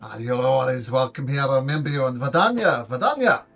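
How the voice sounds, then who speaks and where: Guy putting on a friendly effusive temple priest, lively ups and downs. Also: medium pitch, fairly quick, vocal fry, faint music behind. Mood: welcoming. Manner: warm, gracious, effusive. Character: welcoming, kindly temple priest.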